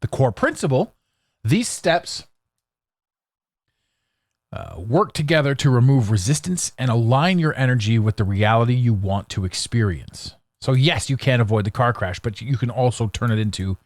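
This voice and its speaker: A man hosting a solo podcast, talking in a blunt, sarcastic, animated way with frequent restarts. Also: medium pitch, normal speed, dry recording. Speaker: podcast host.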